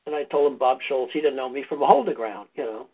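A man's voice: medium pitch, very fast, very noisy. A man, a podcast guest, casually telling a meandering personal story in a conversational way. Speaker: podcast guest, foundation founder. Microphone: phone or call line. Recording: tinny phone-line audio.

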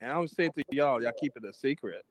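A man's voice: mid-range voice, lively intonation, fast, no room sound. A man co-hosting a casual panel chat, blunt and opinionated, speaking with animation. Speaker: podcast co-host.

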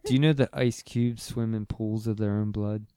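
Deadpan woman with a very deep voice. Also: normal speed, clean tone. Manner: deadpan jokes, offbeat asides. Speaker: podcast co-host. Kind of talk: casual podcast chat.

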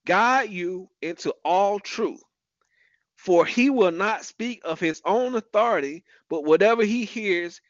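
A man with a high voice preaches a lively sermon and calls out to people in the room by name. The sound is dry and close. The recording is a little dull and lo-fi. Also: dry recording. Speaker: pastor.

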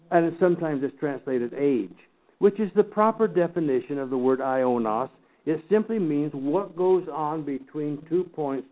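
Bible teacher, man, higher-pitched, folksy teasing lecture, tinny phone-like sound. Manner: folksy, teasing asides to the class. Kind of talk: lecture to a class.

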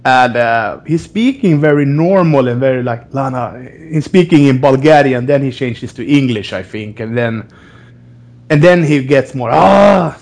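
A man's voice: mid-range voice, normal speed, a little mellow. A man co-hosting a podcast in rambling casual banter, often restarting with "I mean". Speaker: podcast co-host.

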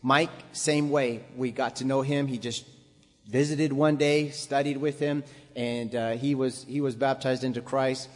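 A man's voice: mid-range voice, steady tone, a little slow. A man preaching a sermon to a congregation, building up to emphatic, repeated exhortations. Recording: long hall reverb.

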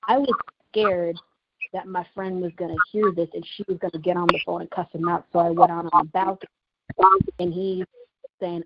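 A woman's voice: fairly low pitch, flat delivery, normal speed, noisy background. A woman host recounting a painful personal story in an earnest, emotional monologue, repeating herself for emphasis. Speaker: podcast host and writer. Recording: dull lo-fi recording.

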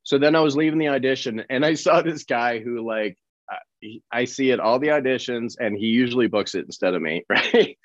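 A man from Colorado, an actor guest telling lively anecdotes in a casual interview, acting out other people's lines. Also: medium pitch, fairly quick, no room sound, dull audio. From Colorado, USA.

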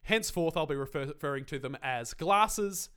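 A man's voice: fairly high pitch, lively intonation, moderate pace, pushed and bright, smooth. A man co-hosting a podcast, reviewing a film in casual, sarcastic banter and swearing now and then. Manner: sarcastic, laughs a lot, swears. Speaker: podcast co-host.

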